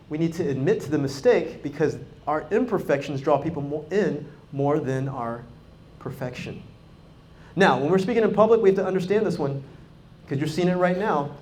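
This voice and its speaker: A man giving a live, energetic talk to a conference audience, acting out quoted dialogue and speaking straight to the crowd. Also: on the high side, a little hiss or hum. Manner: energetic, animated, acts out quoted dialogue, talks directly to the crowd. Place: conference hall.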